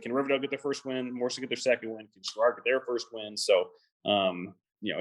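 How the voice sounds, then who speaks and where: A man co-hosting a sports talk podcast, who speaks haltingly with many fillers and restarts. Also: fairly low pitch, poor audio. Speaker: podcast co-host.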